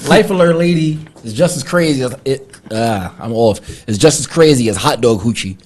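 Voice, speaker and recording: A man's voice: mid-range voice, animated, normal speed, darkish tone. A young man co-hosting a casual chat, throwing in short reactions and joking comebacks. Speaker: podcast co-host.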